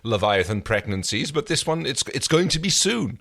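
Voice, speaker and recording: A man co-hosting a podcast, thinking aloud in casual chat with many fillers and pauses. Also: mid-range voice, sing-song, gravelly, a bit bright. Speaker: podcast co-host. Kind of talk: casual chat about a TV episode.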